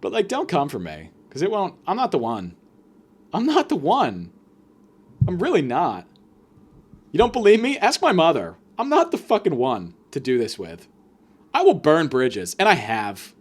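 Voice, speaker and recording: A man hosting a comic solo podcast rant, profane and sarcastic, swinging between loud mock-angry jabs and muttered asides. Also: fairly high pitch, wildly swooping pitch, moderate pace, breathy edge. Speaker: podcast host.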